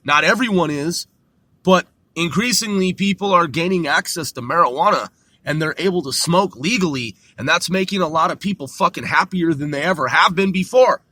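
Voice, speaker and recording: Loose-talking man, bright tense voice. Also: fairly high pitch, normal speed, no echo. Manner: loose, profane, laughs at himself. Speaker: podcast host. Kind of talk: rambling solo talk. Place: in a car.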